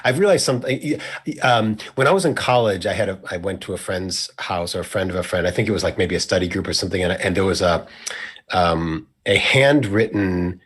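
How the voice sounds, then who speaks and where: A man's voice: low voice, fairly quick, fairly bright tone, breathy edge. A young man hosting a casual conversation, rambling and self-correcting with a playful streak. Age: young adult. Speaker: host.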